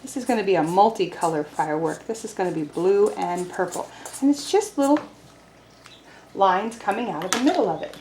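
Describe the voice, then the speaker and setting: A woman teaching a video lesson to young children, speaking cheerfully, slowly and clearly. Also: medium pitch, lively intonation, darkish tone, reverberant, slight background noise. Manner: cheerful, slow and clear, sings simple songs. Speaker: preschool teacher.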